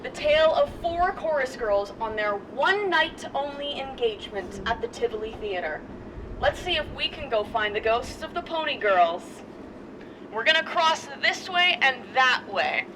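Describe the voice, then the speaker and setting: A woman with a high voice narrates a walking tour, chatty and storytelling. She sounds set back from the mic, with loud traffic noise around her on the street. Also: lively intonation, normal speed, far from the mic. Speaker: tour guide. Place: outdoors on a street.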